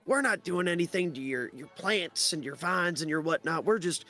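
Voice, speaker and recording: A man's voice: fairly high pitch, lively intonation, moderate pace, sharp tone, soft background music. A man doing a brash, drawling mining boss. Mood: defiant. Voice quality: drawling, crude, defensive. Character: brash blue-collar male mining boss. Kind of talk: tabletop role-play voice.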